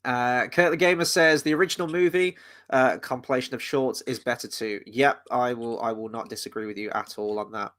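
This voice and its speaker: A man's voice: mid-range voice, fairly even intonation, fairly quick, fairly bright tone. A man co-hosting a casual film podcast, chuckling as he reads viewer comments aloud. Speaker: podcast co-host reading live chat. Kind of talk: casual chat.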